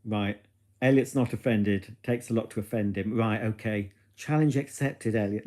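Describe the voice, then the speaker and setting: Male live-stream host, camp and gossipy, innuendo-laden chatter, warm mellow voice. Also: fairly low pitch, moderate pace. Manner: camp, cheeky, full of innuendo; chatty and gossipy, musing aloud. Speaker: livestream host reading viewer comments. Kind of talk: casual chat to a live audience.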